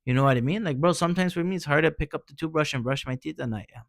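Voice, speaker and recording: A man with a voice on the high side speaks rapid-fire in a dry, clean studio recording. As a vlogger recounting personal experience, he gives heartfelt, encouraging advice in loose slang, repeatedly saying man and bro.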